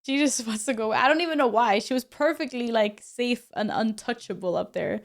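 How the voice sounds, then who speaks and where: Chatty woman streamer, slightly high voice. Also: fairly quick. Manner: chatty, laughing often, exclaiming. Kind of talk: casual chat, reading chat and commenting on her cats.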